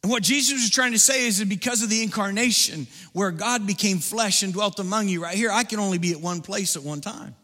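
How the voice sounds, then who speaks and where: A man preaching a sermon as pastor, building through repeated phrases and dropping his voice low to press a point. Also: fairly quick, few pauses, sharp tone. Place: church sanctuary. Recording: hall reverb from a church.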